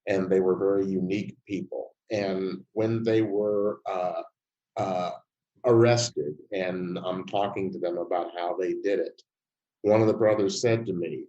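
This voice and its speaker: Very deep, dark-toned older man. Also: fairly even intonation, lo-fi sound. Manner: measured, emphatic, tells anecdotes. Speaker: interview guest, filmmaker. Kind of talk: interview answer.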